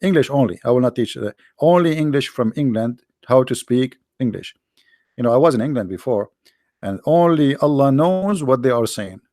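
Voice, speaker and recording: A middle-aged man hosting a livestream, joking sarcastically and reading the chat aloud, in halting non-native English. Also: mid-range voice, expressive, mellow, no room sound, studio quality. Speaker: livestream host. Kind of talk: casual live-chat banter.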